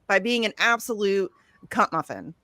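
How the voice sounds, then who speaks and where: A woman's voice: mid-range voice, lively intonation, moderate pace, bright, forceful tone, dry recording. A woman in casual activist chat, blunt and profane, talking with indignant conviction.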